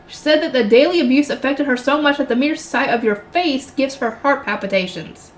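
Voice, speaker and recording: A young nobleman, a duke's heir, laying out accusations in a stiff, indignant way, read by a woman. It sounds close to the reader's own mid-high voice. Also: a little fast, natural voice. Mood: accusing.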